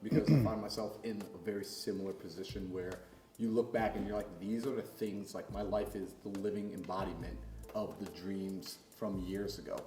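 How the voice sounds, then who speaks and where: A man's voice: low-pitched, fairly even intonation, moderate pace. A man hosting a podcast interview, casual and affirming as he asks questions. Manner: casual, affirming, says "bro" and "right". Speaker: podcast host. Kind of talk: interview conversation. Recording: echoey room with faint music.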